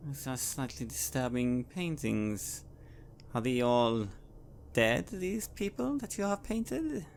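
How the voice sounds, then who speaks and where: A man playing his character in a tabletop game, calmly describing his actions. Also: mid-range voice, takes it slowly, gravelly. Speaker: player.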